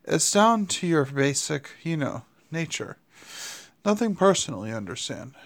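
A man's voice: a little high, sing-song, measured pace. A man voicing a laid-back male demon who talks in a wry, sarcastic way.

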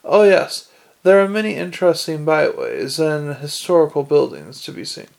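A man's voice: fairly high pitch, animated, normal speed, vocal fry, darkish tone. A man voicing an earnest, naive young watchman who talks eagerly and innocently in a storybook reading.

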